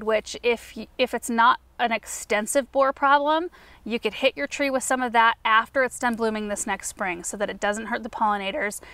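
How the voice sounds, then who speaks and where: Casting: woman garden-show host, casual Q&A, mid-pitched, close dry mic. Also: a bit bright, clear, resonant tone, no room sound. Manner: chatty, explains with many fillers. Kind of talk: casual Q&A chat. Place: at home.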